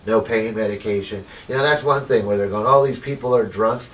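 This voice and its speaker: Low-voiced man telling his story off-mic. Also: brisk, a bit bright, far from the mic, poor audio. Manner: rambling, full of "you know" and retold dialogue. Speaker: formerly homeless interviewee. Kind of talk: personal storytelling in an interview.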